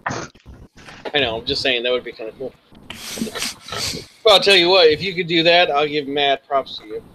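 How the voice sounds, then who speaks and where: A man's voice: fairly high pitch, normal speed, pushed and bright, a little hiss or hum, poor audio. A man acting as game master, chatting casually and easygoing during an online tabletop session.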